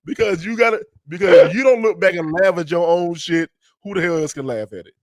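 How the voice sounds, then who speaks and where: Animated, profane man hosting a podcast. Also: high-pitched, fairly quick, no echo. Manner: animated, profane storytelling with loud laughs. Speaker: podcast host. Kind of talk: casual podcast chat. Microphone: remote streaming call.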